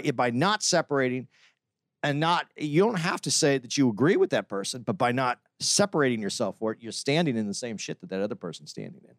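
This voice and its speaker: A man's voice: medium pitch, dry recording, studio quality. A man co-hosting a podcast in casual discussion, arguing earnestly with frequent restarts. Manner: earnest, argumentative, many restarts. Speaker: podcast co-host.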